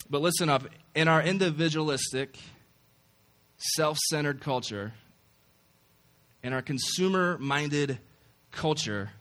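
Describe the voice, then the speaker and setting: A medium-pitched, fairly bright male voice belongs to a campus ministry speaker. Following an opening prayer, he talks to a campus group in a relaxed, jokey sermon full of self-deprecating remarks.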